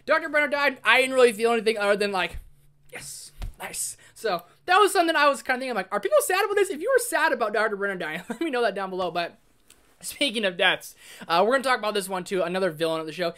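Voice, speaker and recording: A man giving a casual spoiler review of a show. He gushes excitedly, says "like" constantly, and swings from loud exclamations to hushed emotional asides. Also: high voice, rapid-fire. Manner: excitable, gushing, heavy use of "like". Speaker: film review host.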